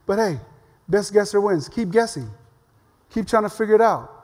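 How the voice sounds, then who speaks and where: An older man preaches in a relaxed, talkative way, slipping humor into his stories. His voice sits high for a man. The sound rings with the long echo of a big church hall. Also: moderate pace. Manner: conversational, humorous storytelling. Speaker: pastor. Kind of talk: sermon. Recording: long reverb of a large hall.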